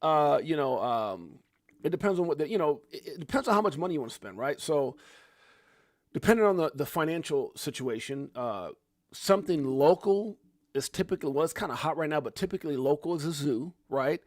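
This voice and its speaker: A man's voice: on the high side, lively intonation, a little fast, dry recording, studio quality. A man in his forties hosting a livestream, casually reading out and answering viewer comments, laid-back and chatty. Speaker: livestream host.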